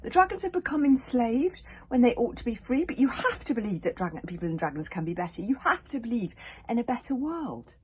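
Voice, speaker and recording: A woman's voice: on the high side, wildly swooping pitch, fairly quick, hardly any pauses, a little mellow, breathy edge, pitched above the performer's own voice, full character voice. A woman voicing an earnest, brave young boy hero who speaks fiercely and eagerly while reading a story aloud. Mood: fierce, pleading.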